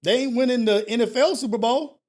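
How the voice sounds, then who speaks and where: This call-in show host has a very high-pitched voice with a darkish tone and speaks fairly quickly. His casual motivational rant is blunt and emphatic, loaded with slang, swearing and heavy repetition.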